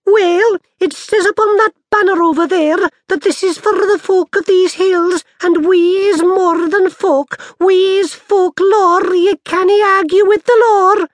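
A man voicing a tiny, fierce male pixie chieftain with a Scottish accent, gruff and blustering, in an audiobook. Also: very high-pitched, fairly even intonation, a little slow, few pauses, dry recording, pitched above the performer's own voice. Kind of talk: audiobook character voice.

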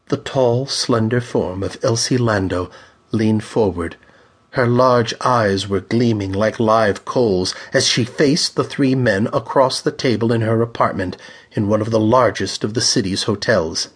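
A man narrating a pulp thriller audiobook in a measured, dramatic reading style. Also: fairly low pitch, husky.

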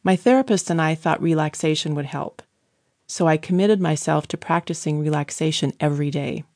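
A woman giving an earnest, measured first-person audiobook narration on a close studio microphone. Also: deep voice, a little mellow, no echo.

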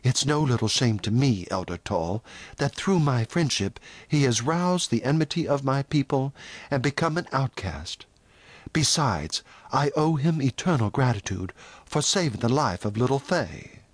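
A male narrator voicing an earnest, indignant young woman who owns a ranch, with lively pitch in a dry recording. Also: moderate pace, no room sound.

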